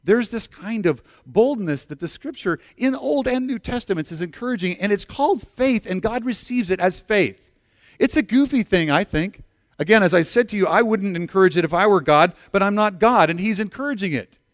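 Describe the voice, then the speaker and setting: A man's voice: high voice, moderate pace, dry recording, studio quality. A middle-aged man preaching a sermon as a pastor, telling stories animatedly and acting out the quotes, often restarting and repeating words. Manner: animated storytelling with acted-out quotes.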